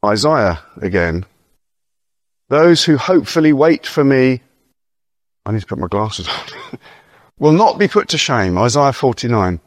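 An earnest male preacher of middle pitch speaks in a conversational sermon. He reads verses aloud slowly and deliberately, then turns to casual asides and rhetorical questions. The sound is dry and close, with no room around it. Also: very animated, no room sound. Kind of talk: conversational sermon with scripture reading.

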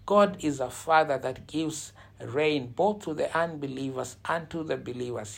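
A man's voice: on the high side, creaky. A man preaching a sermon, retelling a Bible passage and explaining it in a teaching tone, with frequent fillers and restarts.

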